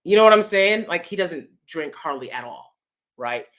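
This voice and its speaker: A woman talks straight to her audience in loose, casual commentary. Her voice sits on the lower side and has a bright, forceful edge. She is chatty and expressive and breaks into laughter often. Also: moderate pace. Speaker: vlogger host.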